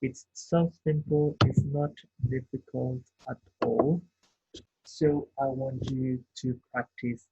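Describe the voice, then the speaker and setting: Slow, gravelly man teaching grammar. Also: mid-range voice, steady tone, a little mellow, a little hiss or hum. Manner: patient, explains step by step and checks in with "right?". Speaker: English teacher. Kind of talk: grammar lesson. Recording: tinny phone-like sound.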